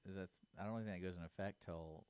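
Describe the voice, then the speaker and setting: A man co-hosts a radio talk show, teasing his partner and telling loose stories. His voice is fairly low. It was recorded close and dry in a studio. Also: steady tone, fast talker, darkish tone, clean tone, dry recording. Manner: teasing, joking banter. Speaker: radio co-host. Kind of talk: casual on-air chat.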